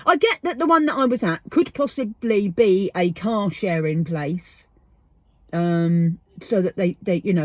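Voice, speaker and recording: A woman's voice: medium pitch, dry recording. Fed-up woman ranting in a van. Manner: exasperated, swears freely, rhetorical questions. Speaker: podcast host. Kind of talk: casual ranting monologue. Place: inside a parked van.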